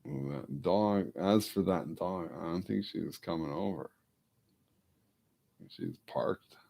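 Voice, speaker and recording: A man's voice: low-pitched, takes it slowly, gravelly, warm tone. A man vlogging casually to camera, rambling off-the-cuff and drifting into mumbled asides. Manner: rambling, talks to his dog in a coaxing voice.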